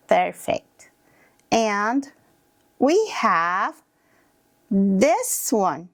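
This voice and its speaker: A woman teacher showing a toddler play activity, speaking in slow, simple, encouraging words. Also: fairly high pitch, sing-song, dry recording, studio quality. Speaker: early childhood teacher.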